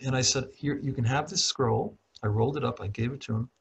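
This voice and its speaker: Gravelly, husky-voiced man telling a story. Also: mid-range voice, fast talker, rough recording. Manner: calm, reflective, frequent throat clearing and restarts. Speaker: professor and author. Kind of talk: storytelling in a talk.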